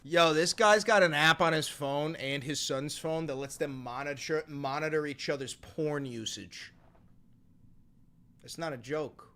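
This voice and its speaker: A man hosting a stream, reacting to news clips with crude, animated, swearing commentary. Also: a little high, a little slow. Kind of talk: casual profane reaction commentary.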